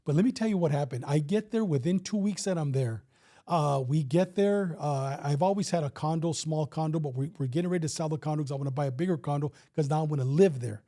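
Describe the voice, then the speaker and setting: A man's voice: on the high side, fast talker, mellow. A man in his fifties, a retired police officer, telling a story in a casual interview and acting out the dialogue with some swearing.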